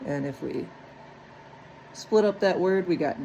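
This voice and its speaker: Woman teacher, phonics lesson, step-by-step, mellow voice, faint background hum. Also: sits low, takes it slowly, gravelly, long pauses, highs cut off. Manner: patient, step-by-step, checks in with "right?".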